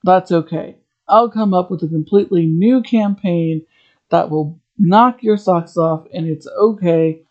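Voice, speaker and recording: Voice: mid-range voice, unhurried, a little mellow, lo-fi sound, natural voice. The podcast host voicing a brash male ad-agency boss, in an eager, reassuring manner. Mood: upbeat.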